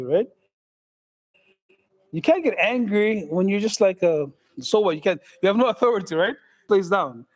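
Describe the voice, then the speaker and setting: A middle-aged imam with a high voice gives a loose, conversational sermon in a mosque hall. He jokes with the congregation and keeps asking them questions. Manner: joking, conversational, asks the audience questions.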